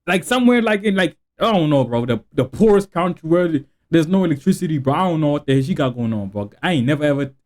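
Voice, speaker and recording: High, lively young man. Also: quick pace, hardly any pauses. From South Africa. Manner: rambling, slangy, exclaims often. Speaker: reaction video host. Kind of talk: casual reaction commentary.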